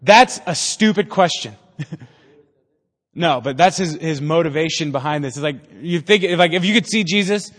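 A young man with a bright, high voice gives a laid-back, joking sermon, tossing questions out to the crowd. His words ring out with a long hall reverb around them. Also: moderate pace. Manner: chatty, jokey, quizzes the audience. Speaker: preacher. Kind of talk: casual joking sermon to a youth group.

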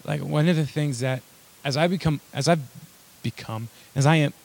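A man's voice: fairly high pitch, moderate pace, creaky. A young man preaching a sermon in a casual, conversational way, full of fillers and joking asides. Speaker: pastor.

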